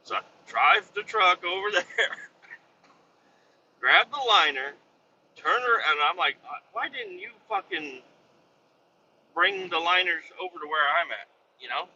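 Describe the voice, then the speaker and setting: A man's voice: high voice, expressive, a little slow, pauses often, sharp tone, highs cut off, a little hiss or hum. A man telling a rambling story about his trucking job, swearing casually and acting out coworkers in a raised voice. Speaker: truck driver. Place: inside a truck cab.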